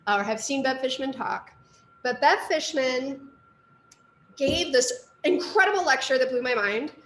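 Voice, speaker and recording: A woman's voice: high voice, echoey room, slight background noise. A middle-aged woman, an artist and art teacher, giving a casual lecture with lots of asides and fillers. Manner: chatty storytelling with fillers and asides.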